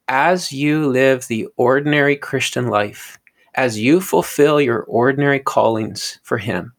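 A man's voice: mid-range voice, vocal fry. A man teaching on a podcast in an earnest, sermon-like way, often stumbling and repeating words. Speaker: podcast co-host teaching on scripture.

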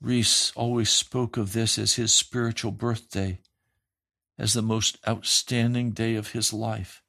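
Slow, gravelly-voiced preaching man. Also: on the low side, level tone, bright, forceful tone, dry recording, clean studio sound. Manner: urgent, repetitive preaching cadence. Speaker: pastor. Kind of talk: preaching sermon.

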